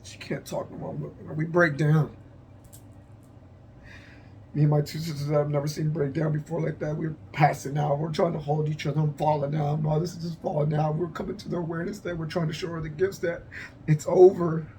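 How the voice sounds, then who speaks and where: A man telling a personal story as unscripted testimony, emotional and halting, repeating his phrases and sighing. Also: a little high, little pitch movement, a little mellow, slight background noise. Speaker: vlogger sharing a personal story.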